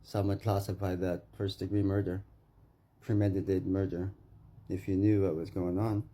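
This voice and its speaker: A man's voice: low voice, level tone, moderate pace, warm tone. A Canadian man delivering an agitated, profane rant to the camera, accusing someone and repeating his name.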